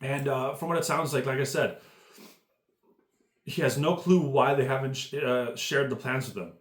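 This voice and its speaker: A man's voice: mid-range voice, normal speed. Rambling, cursing man ranting with echo. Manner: rambling, profane, heavy on "like" and "uh" fillers. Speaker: MMA commentary YouTuber. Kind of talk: casual rant commentary.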